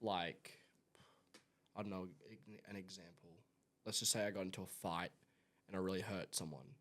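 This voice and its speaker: A young man talks casually on a family podcast, his voice sitting a little low. He rambles and restarts often, hunting for the right words. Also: steady tone, normal speed, a bit bright. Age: young adult. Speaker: son of the host.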